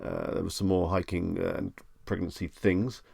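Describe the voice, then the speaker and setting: Male streamer, low and gravelly, dry close mic, casual chat host who reads out questions and riffs on them. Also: little pitch movement, normal speed, darkish tone, dry recording. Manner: chatty, reads questions aloud and muses on them.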